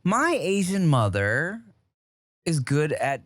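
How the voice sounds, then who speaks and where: A man's voice: fairly high pitch, sing-song, slow pace, dry recording. Slangy, rambling podcast host man. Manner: loose, slangy, rambling with restarts. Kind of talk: casual podcast chat.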